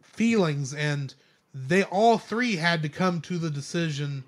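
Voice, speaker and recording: A man's voice: on the high side, slow pace. A young man co-hosting a podcast, reviewing a film in casual chat, rambling and correcting himself as he goes. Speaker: podcast co-host.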